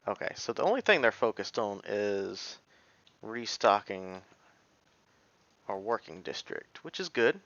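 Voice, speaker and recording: A man's voice: on the low side, big pitch swings, unhurried, vocal fry, pauses often, a bit bright, no room sound, highs cut off. A man giving casual gameplay commentary as a let's play streamer, thinking aloud and muttering half-finished sentences as he plays.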